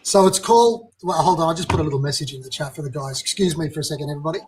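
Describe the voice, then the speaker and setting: A man's voice: a little high, very fast, background noise. A man hosting a livestream, chatting and asking his guests questions. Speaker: livestream host. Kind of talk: casual chat.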